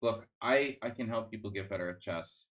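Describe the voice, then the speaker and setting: A man's voice: on the low side, fairly quick, a bit bright, muffled recording. A man streaming chess, chatting casually in a rambling, sardonic way, full of restarts and fillers. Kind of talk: casual live-stream chat.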